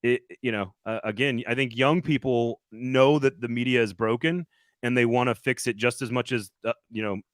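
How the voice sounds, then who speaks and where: A man co-hosts a casual sports talk show, reporting from media days as a podcast co-host. He rambles, restarts often, and laughs easily, his mid-range voice holding fairly even intonation at a normal speed. The recording is dry and studio quality.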